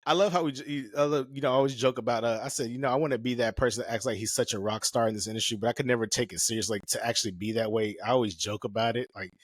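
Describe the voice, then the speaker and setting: A man's voice: medium pitch, dry recording, studio quality. A man in his forties, a photographer hosting a podcast, chatting casually and jumping into playful impressions as he tells stories. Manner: quick, animated storytelling that breaks into playful impressions.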